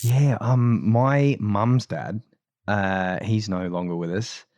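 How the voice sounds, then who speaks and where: A man's voice: on the low side, fairly even intonation, slow, darkish tone, muffled recording, a little hiss or hum. A man co-hosting a podcast, telling rambling family stories in casual chat, laughing often and restarting his sentences. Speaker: podcast co-host.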